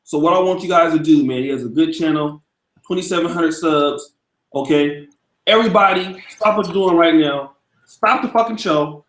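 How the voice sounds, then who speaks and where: A man's voice: fairly high pitch, normal speed, a bit bright, roomy sound, low-quality recording. A man hosting a live stream in a loose, profane, casual way, hyping up his audience. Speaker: livestream host.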